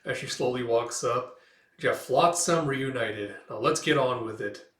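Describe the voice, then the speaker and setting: A man's voice: mid-range voice, moderate pace, fairly bright tone. Casual male comic reviewer, loose and swearing, roomy echo. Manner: casual, laughing, swears freely. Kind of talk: casual comic read-through.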